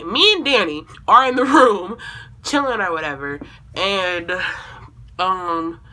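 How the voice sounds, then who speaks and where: A woman's voice: medium pitch, sharp tone. A young woman telling a storytime video at home in a casual, rambling way, correcting herself and swearing freely. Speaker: vlogger.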